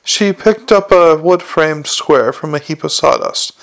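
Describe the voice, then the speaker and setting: Man narrating a novel, gravelly and smooth. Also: a little high, animated, measured pace. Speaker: audiobook narrator. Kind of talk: scripted narration.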